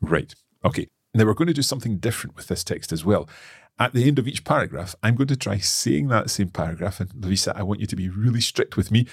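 Deep gravelly man learning a language. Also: lively intonation, no echo, studio quality. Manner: halting, thinking aloud, laughs often. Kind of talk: casual language lesson.

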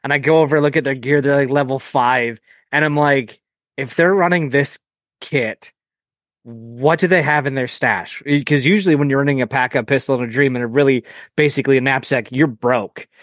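A man talking as a podcast guest, telling animated stories, acting out quotes and swearing freely. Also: medium pitch, normal speed, no room sound, clean studio sound. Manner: animated storyteller, acts out quotes, profane. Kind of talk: casual podcast chat.

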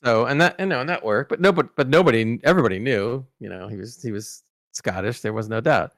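A man's voice: medium pitch, fast, fairly bright tone, no room sound. A man in middle range telling long, rambling stories on a casual podcast, tripping over his words and circling back. The sound is dry and close, with no room around it. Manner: rambling storyteller, many restarts and fillers. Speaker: podcast co-host recalling celebrity interviews.

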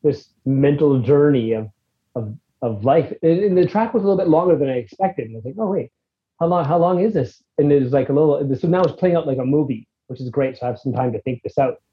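Man, middle pitch, rambling casual talker, slightly lo-fi sound. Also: fast talker. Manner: rambling and animated, restarts, acts out his reactions. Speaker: guest reviewing a music track. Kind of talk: casual chat.

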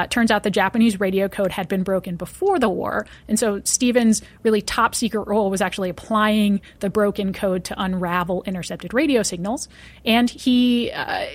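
A woman co-hosting a casual podcast, running a trivia quiz with playful, teasing remarks. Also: mid-range voice.

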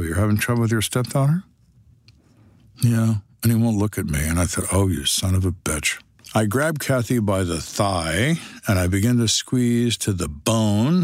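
Older man, low dry storytelling voice. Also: no echo. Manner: dry, matter-of-fact storytelling. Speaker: retired police detective telling stories. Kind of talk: storytelling monologue.

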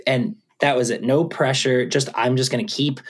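A man who is a musician, chatting casually as an interview guest, animated and swearing, acting out his own thoughts. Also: mid-range voice, moderate pace. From USA.

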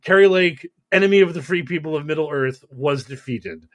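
A man co-hosting a casual political chat, sarcastic and animated, mocking others in put-on voices. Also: fairly high pitch, a little fast. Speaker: podcast co-host.

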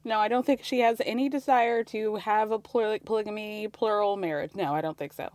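A woman's voice: medium pitch, brisk, darkish tone, no echo. A woman hosting a podcast, recapping a reality show in a sarcastic, casual way and laughing often. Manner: sarcastic, laughs often, acts out quotes in mocking voices.

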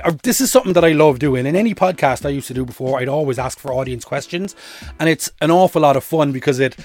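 With a fairly high voice and no room sound, an Irish solo comedy podcaster spins meandering stories, cursing liberally in an animated, comic style.

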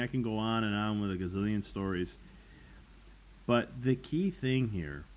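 A middle-aged man hosting a podcast, speaking earnestly in a motivational monologue and repeating phrases for emphasis. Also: mid-range voice. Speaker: podcast host.

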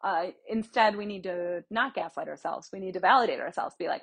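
A woman's voice: lowish voice, fairly quick, creaky, few pauses, a bit bright, slightly rough. A young woman hosting a casual solo podcast, chatty and rambling, explaining things through everyday examples. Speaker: podcast host.

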